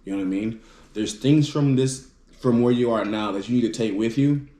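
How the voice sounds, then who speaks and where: A man with a Southern accent tells family stories in easygoing chat. He speaks quickly, and his words sometimes tumble over each other. His voice sits at an ordinary pitch in a room with a noticeable echo. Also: dark tone. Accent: Southern US (Mississippi). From Wisconsin. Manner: fast-talking storyteller, trips over words. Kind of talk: casual chat.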